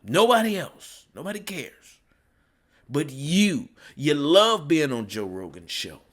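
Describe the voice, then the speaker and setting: A man in a mocking, scolding commentary rant. His voice sits a little high and swings widely in pitch. He takes his time, drawing out each insult. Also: very animated, takes it slowly. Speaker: commentary vlogger. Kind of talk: ranting commentary.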